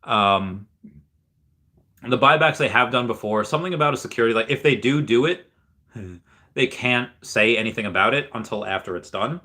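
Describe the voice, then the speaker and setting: A man's voice: mid-range voice, normal speed, bright, forceful tone. Upbeat young man hosting a livestream. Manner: rambling, upbeat, reads viewer comments aloud. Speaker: livestream host reading chat. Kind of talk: casual livestream chat.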